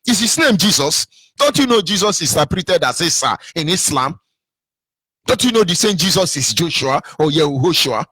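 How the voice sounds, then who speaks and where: Fiery preaching Nigerian man, high voice. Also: big pitch swings, moderate pace, sharp tone, slightly rough, dry recording. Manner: preachy, emphatic, full of rhetorical questions and repetition. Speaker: political commentator. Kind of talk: impassioned political monologue.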